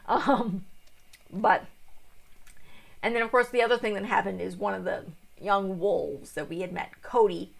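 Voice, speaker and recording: A young woman reviewing a book in a rambling, casual way, sounding tired and yawning, with a gravelly, husky voice. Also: mid-range voice, measured pace, pauses often. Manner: rambling, full of fillers and restarts.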